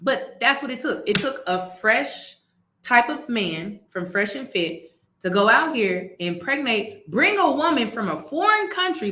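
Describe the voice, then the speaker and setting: An emphatic woman vlogger with a bright, higher voice gives casual commentary in an echoey room. She is exasperated, slangy and hammers the same point again and again. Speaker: vlog host.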